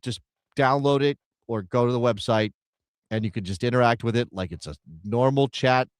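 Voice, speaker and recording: This soccer show co-host speaks in a mid-range voice at normal speed, rambling chattily and musing aloud while reading viewer names on a casual live stream. The audio is studio quality without echo.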